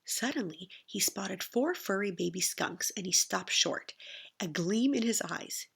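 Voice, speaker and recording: A woman's voice: medium pitch, creaky, husky. A woman teacher reading a picture book aloud to kindergartners, telling it expressively. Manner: expressive storytelling, slow and deliberate.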